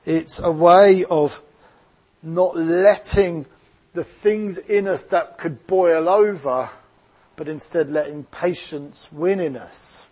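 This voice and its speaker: A man's voice: on the high side, takes it slowly, darkish tone, slightly rough. A man with an Essex English accent preaching a sermon as a pastor, earnest and reflective, mixing scripture with personal stories.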